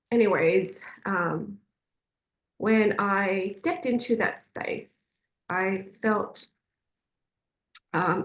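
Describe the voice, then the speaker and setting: A woman's voice: mid-range voice, fairly bright tone. A woman leading a faith group meeting, telling a personal story casually with many fillers and frequent laughs. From Australia. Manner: chatty, hesitant with frequent fillers, laughs often. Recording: roomy echoey sound.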